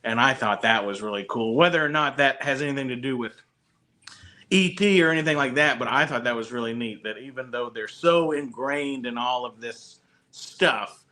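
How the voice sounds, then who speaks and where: Guy with a bright voice, chatting easy, lots of you know. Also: mid-range voice, normal speed. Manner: thoughtful, hedging with "you know". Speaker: podcast co-host. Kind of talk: casual after-show chat.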